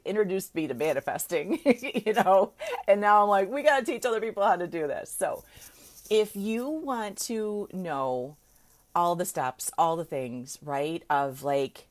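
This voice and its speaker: A middle-aged woman coach chatting casually on a live video, laughing often and checking in with "right?". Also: low-pitched. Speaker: manifestation coach.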